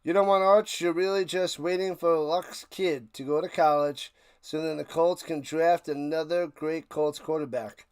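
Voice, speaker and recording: A man's voice: a little high, fairly even intonation, normal speed, smooth. A man hosting a live game watch party stream, calling plays and ranting sarcastically to his chat. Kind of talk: live play-by-play and casual rant.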